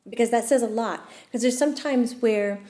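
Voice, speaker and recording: A woman hosting a talk show, telling personal stories in a casual, lively way, often laughing and pausing with fillers. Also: on the high side. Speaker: host and medium. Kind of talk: casual storytelling chat.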